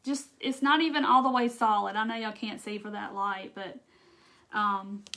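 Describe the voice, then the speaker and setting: A woman's voice: medium pitch, fairly even intonation, moderate pace, bright, forceful tone. A woman from Mississippi with a Southern accent, chatting casually through a live craft demo and answering viewer comments. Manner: chatty, reads viewer comments aloud, says y'all. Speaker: craft livestream host.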